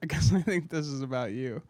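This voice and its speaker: A man's voice: on the high side, no room sound, clean studio sound. A man co-hosting a comedy podcast, chatting casually, teasing and reading out customer reviews. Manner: teasing, laughs often, reads out reviews. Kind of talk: casual chat.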